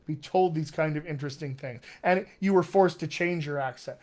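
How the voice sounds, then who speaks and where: A man with a loud, booming voice and a General American accent with West Texas and upstate New York touches, a dialect coach reading viewer comments and answering them on a live stream. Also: moderate pace. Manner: articulate, reads viewer comments aloud and answers warmly. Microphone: webcam or computer mic on a live stream.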